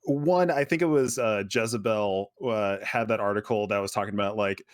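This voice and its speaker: Man, casual podcast co-host, laid-back, dry humor, low pitch, dry recording. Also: moderate pace, no echo. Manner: laid-back, short replies, dry asides. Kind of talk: casual chat.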